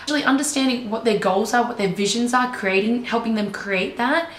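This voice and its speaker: A young woman, a life coach, telling her own story in an animated, enthusiastic way. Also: on the high side, brisk. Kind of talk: personal storytelling. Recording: roomy echo, faint ambience.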